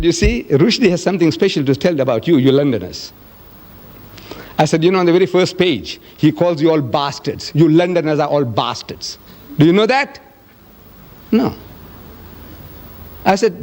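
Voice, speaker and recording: Animated older male public speaker. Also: a little high. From South Africa. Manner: animated storytelling, acting out quoted exchanges. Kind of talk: public lecture with audience questions.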